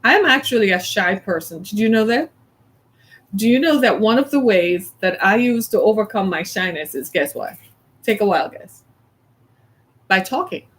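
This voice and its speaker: A middle-aged woman from the American South, chatting casually as a host, animated and laughing often as she plays out little scenes. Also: medium pitch, unhurried, long pauses. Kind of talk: casual chat.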